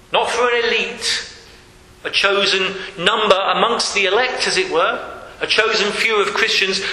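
A man's voice: high-pitched, bright, forceful tone. A man preaching a sermon in a church hall, earnest and repeating key phrases for emphasis. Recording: echoey hall with long reverb.

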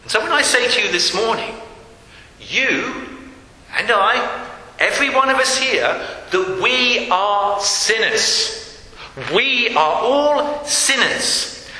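A man preaching a sermon, slow and emphatic, repeating key phrases for weight. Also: extremely high pitch, bright, forceful tone. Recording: echoey hall with long reverb.

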